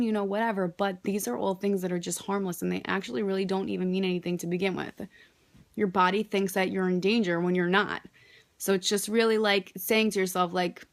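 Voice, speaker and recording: A woman's voice: mid-range voice, normal speed, vocal fry. A young woman talking casually to her camera, candid and rambling, peppering her speech with "like" and frequent swearing. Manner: candid, rambling, swears freely, says "like" often. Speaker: vlogger.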